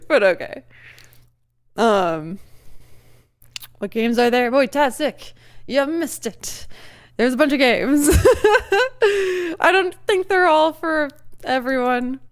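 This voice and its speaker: A woman's voice: sits high, lively intonation, takes it slowly, long pauses. A woman streamer chatting casually during a live reaction, giggling often and rambling with many fillers and restarts.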